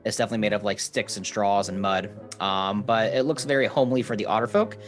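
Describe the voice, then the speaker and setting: Casual male game master, rambling descriptive narration, soft music underneath. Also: on the low side, quick pace.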